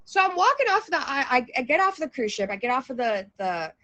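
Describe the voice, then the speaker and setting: Woman with a high voice, chatty storyteller, loose and rambling delivery. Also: very animated, a little fast, background noise. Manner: chatty, many fillers and restarts. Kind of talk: casual storytelling.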